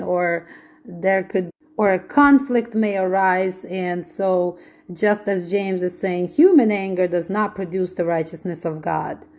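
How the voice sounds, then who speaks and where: A woman's voice: fairly low pitch, a little mellow. A woman giving a podcast Bible teaching in an earnest way, repeating her points and asking rhetorical questions.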